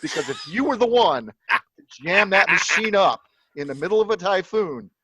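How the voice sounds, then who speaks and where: A man's voice: high voice, expressive, normal speed, sharp tone. A man telling anecdotes with dry humor during a casual video call chat. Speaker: guest.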